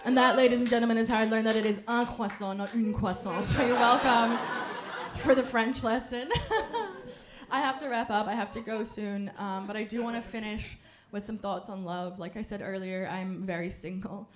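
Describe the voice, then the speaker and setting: A young woman doing a stand-up comedy set on a club stage into a handheld mic, dry and deadpan, now and then breaking into loud, high mock-French theatrics. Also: normal speed, noisy background. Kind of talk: stand-up set with crowd work.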